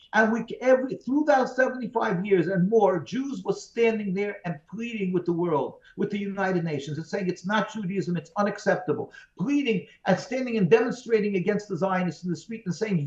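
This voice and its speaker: A man, a rabbi as interview guest, giving emphatic, pleading answers full of repeated phrases over a video call. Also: sits high. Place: remote call from home. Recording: roomy, dull video-call audio.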